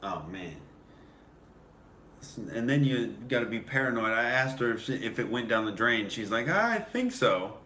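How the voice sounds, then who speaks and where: A man's voice: medium pitch, moderate pace, sharp tone. A man hosting a comedy podcast, joking in a casual chat and laughing often. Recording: echoey room, faint hiss.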